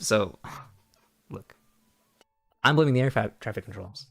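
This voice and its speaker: Young man, low voice, gravelly fry, profane rambling stream talk, restarts sentences. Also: measured pace. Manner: profane, rambling, self-interrupting. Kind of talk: casual livestream commentary.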